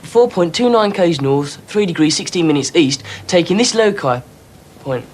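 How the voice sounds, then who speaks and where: A man's voice: on the high side, lively intonation, moderate pace. A young actor playing an awkward, polite teenage boy from the future in a TV drama. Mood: earnest. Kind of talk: 1990s TV drama acting.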